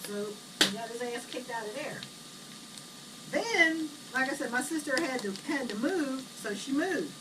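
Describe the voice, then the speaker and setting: A middle-aged woman telling blunt, animated family stories while she cooks at home. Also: sits high, measured pace. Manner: blunt, chatty, animated retelling. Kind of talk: casual storytelling while cooking. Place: home kitchen. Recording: distant camera mic, noisy kitchen.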